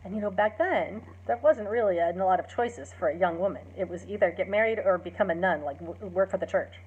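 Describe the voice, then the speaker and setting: A woman's voice: on the low side, a little fast, husky. A woman, a teacher, casually retelling a play's story, chatty with many fillers and acting out the quoted lines. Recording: dull lo-fi recording.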